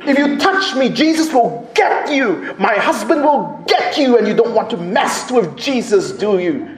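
A woman's voice: mid-range voice, expressive, moderate pace, darkish tone, close to an everyday voice. A preacher acting out a terrified but defiant woman who screams at intruders, in a roomy space. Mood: defiant screaming. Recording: echoey room.

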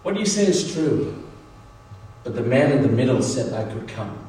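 A man's voice: medium pitch, big pitch swings, normal speed, dark tone, a little hiss or hum, lightly acted. A man voicing a humble forgiven thief who answers simply and meekly, heard far off in an echoey church. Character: humble forgiven thief, meek and plain-spoken.

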